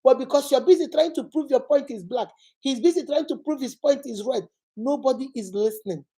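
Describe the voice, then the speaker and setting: A woman's voice: high-pitched, fairly quick, warm tone. A woman hosting a motivational relationship-advice talk, speaking emphatically and repeating her points. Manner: emphatic, repetitive, dramatic acted-out quotes.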